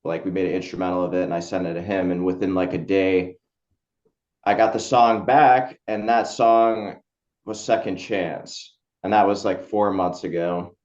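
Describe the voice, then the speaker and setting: Man, guitarist guest, low voice, rambling, slightly muffled lo-fi sound. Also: steady tone, normal speed, a little mellow. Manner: rambling, filler-heavy storytelling. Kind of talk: casual interview chat.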